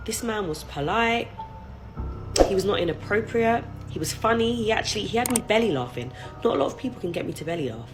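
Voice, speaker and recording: A woman, telling a casual story to camera in a chatty, expressive way. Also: mid-range voice, fairly quick, over music, low-quality recording. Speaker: vlogger.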